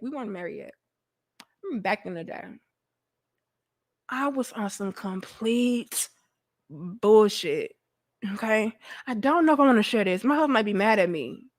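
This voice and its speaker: Animated bright-voiced woman telling a story. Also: on the high side. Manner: animated, profane, talks to herself. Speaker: podcast host. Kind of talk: candid storytelling to viewers.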